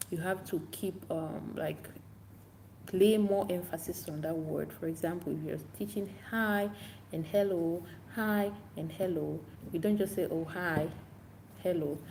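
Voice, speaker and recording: Slow, mellow-voiced woman English teacher. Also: fairly low pitch, a little hiss or hum. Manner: unhurried and repetitive, demonstrating classroom chants aloud. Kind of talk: casual talk-to-camera tips.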